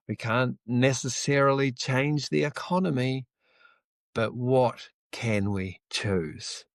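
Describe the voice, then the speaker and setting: A middle-aged New Zealander with a New Zealand accent hosts a live stream, his mid-range voice recorded dry. He delivers an earnest, reflective motivational talk and lets slip the odd casual swear word.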